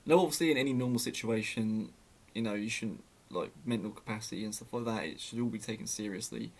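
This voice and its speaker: A man's voice: on the low side, quick pace. A young man telling a story in a casual, sarcastic way, often laughing at it.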